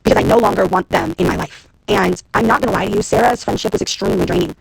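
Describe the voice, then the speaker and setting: Fast-talking woman with heavy vocal fry. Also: medium pitch, background noise. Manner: fast, profane, venting and exasperated. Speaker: reality TV personality and executive producer. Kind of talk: Instagram live rant to viewers.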